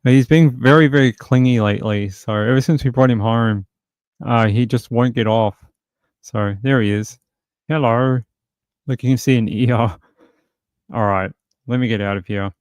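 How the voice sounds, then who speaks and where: A man of middle pitch hosts a true crime livestream from home, talking loosely and rambling with plenty of filler words. His voice is recorded close and dry, with no room sound. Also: steady tone, moderate pace, long pauses, darkish tone, smooth, dry recording. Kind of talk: casual livestream chat.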